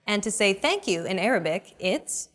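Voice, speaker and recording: A young adult woman hosting a language lesson, speaking in an upbeat, clear teaching manner. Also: medium pitch, very animated, moderate pace, a bit bright. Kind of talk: scripted instructional narration.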